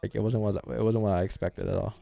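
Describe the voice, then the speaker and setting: A man's voice: on the low side, flat delivery, fast, vocal fry, mellow, dry recording, faint music behind. A man hosting a live trading stream, chatting casually with viewers and answering chat in loose, slangy talk. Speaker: forex day-trading streamer.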